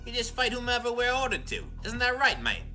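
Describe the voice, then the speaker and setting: A woman's voice: on the high side, very animated, brisk, bright, forceful tone, soft background music, voice pushed up. Woman doing a cocky Australian spearman. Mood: cocky taunting. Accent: put-on Australian. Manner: detached, taunting drawl. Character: cocky grinning male spear warrior, nonchalant and menacing.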